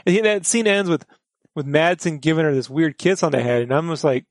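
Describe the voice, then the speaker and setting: A man's voice: a little high, brisk, no room sound, clean studio sound. A man chatting casually on a podcast about a movie, making wry, jokey asides. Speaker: podcast co-host. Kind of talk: casual movie recap chat.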